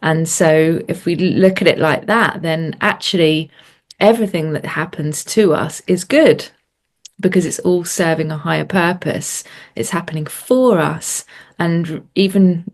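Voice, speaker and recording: A woman coach hosting an online workshop, giving a reflective teaching talk and thinking aloud with soft fillers. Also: fairly low pitch, a little slow. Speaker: coach and series host.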